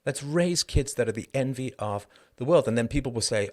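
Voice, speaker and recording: A man's voice: fairly low pitch, darkish tone. Emphatic man making his case. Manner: emphatic, argumentative, quick asides. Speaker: interview guest. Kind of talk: conversational interview monologue.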